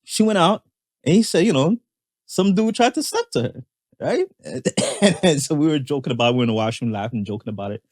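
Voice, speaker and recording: Laughing, animated man chatting on a podcast. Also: fairly high pitch, fairly quick, no room sound, studio quality. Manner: hesitant, stammering restarts, laughs often. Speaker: podcast co-host. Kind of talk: casual chat.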